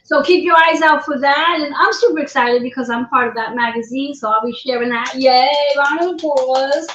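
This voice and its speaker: A woman's voice: high-pitched, fairly even intonation, fairly quick, pushed and bright. A woman hosting a livestream interview, chatty and encouraging, often repeating her words. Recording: roomy, dull lo-fi livestream audio.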